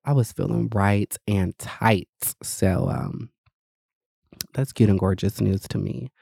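A man's voice: on the low side, takes it slowly, creaky, mellow, slightly rough, no echo, studio quality. A man hosting his own podcast, chatting casually in a gossipy, sassy and profane way. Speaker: podcast host. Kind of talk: casual solo podcast chat.

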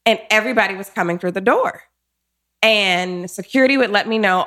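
A woman in her forties, a guest telling her career story in an interview, animated and quick to act out what people said. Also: mid-range voice. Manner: animated, acts out quotes, laughs often.

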